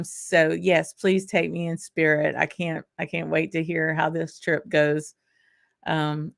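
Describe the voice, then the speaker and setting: Slow, gravelly woman chatting. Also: lowish voice. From Louisiana. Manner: chatty, reading out chat names, many ums and restarts. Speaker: whisky livestream host. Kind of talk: casual livestream chat.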